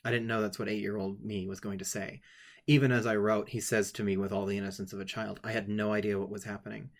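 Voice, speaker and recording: Guy with a lowish voice, halting and choked up, telling his story and running a writing exercise. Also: level tone, gravelly. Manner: halting, emotional, many restarts. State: tearful. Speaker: writing workshop leader.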